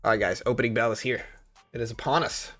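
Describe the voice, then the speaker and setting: A man's voice: mid-range voice, steady tone, fast, a bit bright. A young man hosting a live trading stream, joking around and chatting with viewers. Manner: joking, chatty, talks to chat. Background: faint music.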